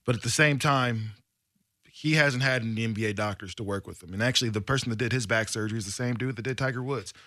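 Bright, dry-sounding radio co-host man. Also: medium pitch, fast talker, no echo. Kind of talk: casual sports radio talk.

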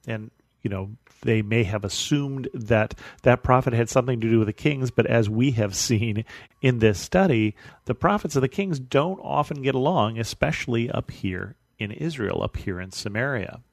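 A man reading a Bible passage aloud, then explaining it in a relaxed, conversational way as a study teacher. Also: medium pitch, moderate pace, gravelly, no room sound. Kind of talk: scripture reading and teaching commentary.

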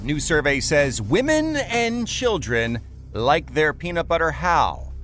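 A man's voice: on the high side, very animated, slow pace, a bit bright, faint music behind. A man co-hosting a morning radio show, running a quiz with playful, teasing banter. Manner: teasing, chuckling quiz master.

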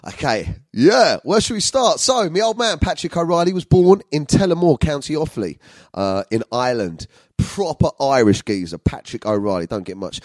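A man hosting his own podcast, talking in a crude, loud, jokey way that keeps breaking into laughter and shouts. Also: medium pitch, big pitch swings, brisk, no echo. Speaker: podcast host. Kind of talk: comedic solo podcast chat.

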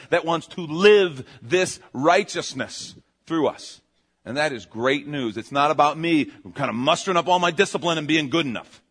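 A man preaching a conversational sermon. He tells stories in an animated way, restarts his phrases and keeps checking in with his listeners. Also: medium pitch. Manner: self-interrupting, restarts phrases. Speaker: pastor.

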